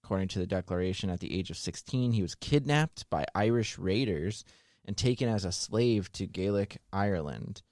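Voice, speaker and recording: Deep-voiced man with a dry wit. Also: animated, normal speed, darkish tone, dry recording. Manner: dry, wry joker. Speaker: podcast co-host. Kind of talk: casual chat.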